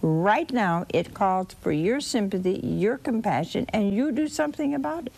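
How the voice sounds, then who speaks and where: Woman, sermon, slow expressive storytelling, lively rising and falling pitch. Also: vocal fry, slightly rough. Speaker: preacher.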